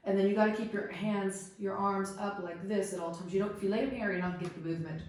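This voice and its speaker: A middle-aged woman leads a hands-on lesson, explaining and demonstrating with animated energy. Her mid-range voice bounces around a very reverberant room inside an old house. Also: mid-range voice, fast talker. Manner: instructive, animated, demonstrates while talking. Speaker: host and Ouija instructor. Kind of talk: hands-on teaching during a paranormal investigation. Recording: very echoey room.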